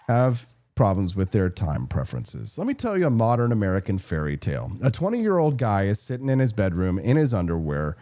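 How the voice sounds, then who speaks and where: A man in his forties hosting a political talk show, joking and acting out quotes in his monologue. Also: medium pitch. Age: 40s. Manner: animated, jokey, acts out quotes. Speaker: host.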